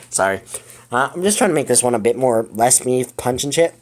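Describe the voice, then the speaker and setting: A man's voice: mid-range voice, expressive, brisk. A young man doing a comedic fanfic reading, exasperated, swearing and laughing at the text. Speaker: fanfic reader.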